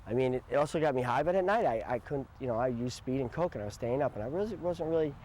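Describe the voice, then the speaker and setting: An older man recounting his past in a documentary interview, swinging between loud, emotional bursts and hushed asides. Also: mid-range voice, expressive, quick pace, a little hiss or hum.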